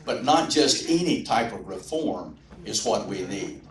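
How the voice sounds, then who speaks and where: A man's voice: fairly low pitch, lively intonation, measured pace. A man giving a folksy, humorous rally speech, telling an anecdote to a crowd. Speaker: speaker at a political rally. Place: indoor rally venue. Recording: roomy, distant mic at a rally.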